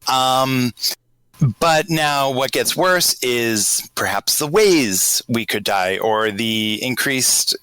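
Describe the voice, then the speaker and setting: A man's voice: mid-range voice, slow pace, smooth, no echo, rough recording. A man with a Boston accent talking in a casual group chat, musing aloud in a thoughtful way. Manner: grows animated telling a scenario. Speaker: podcast panelist.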